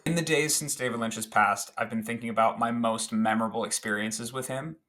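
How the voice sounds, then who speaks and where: A man chatting as a podcast guest, recounting a favorite film scene in an animated, rambling way with fillers and restarts. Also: mid-range voice, fairly quick.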